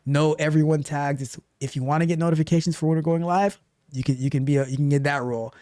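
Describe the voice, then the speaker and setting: A man hosts a relaxed tech livestream and chats with his viewers. His voice sits a bit high and moves in an animated, repetitive way. The sound is dry and close. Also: fast, no echo. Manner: animated, repeats himself, reads chat aloud. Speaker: livestream host and tech coach. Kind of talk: casual livestream chat.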